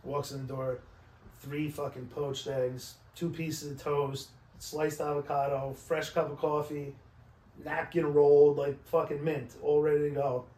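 A man's voice: on the high side, flat delivery, mellow. Casual cursing man, echoey podcast room. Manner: profane, chiming in with quick reactions. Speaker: podcast co-host. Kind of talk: casual chat. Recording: roomy, distant mic, faint noise.

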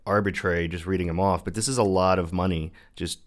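A man's voice: low-pitched, steady tone, quick pace. A man co-hosting a casual film podcast, talking in an earnest, self-aware way. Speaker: podcast co-host. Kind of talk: casual chat.

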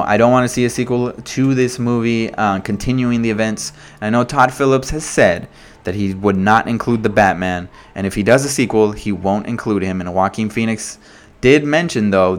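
A man hosting a casual solo commentary, talking in an animated way with lots of swearing, fillers and restarts. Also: lowish voice. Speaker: podcast host.

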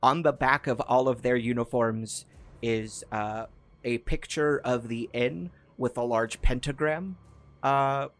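A man's voice: mid-range voice, slow. A man narrating a tabletop game as game master, casual and full of filler words.

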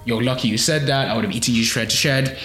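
A man's voice: mid-range voice, fast, fairly bright tone, natural voice. A man voicing a hungry giant male ogre, quoted matter-of-factly in his retelling, in an echoey room. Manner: plainly quoted, matter-of-fact. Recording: echoey room with faint music.

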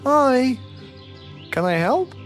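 A man's voice: very high-pitched, big pitch swings, very slow, faint music behind, voice pushed up, full character voice. A man voicing a shy, curious young boy who asks timid, polite questions.

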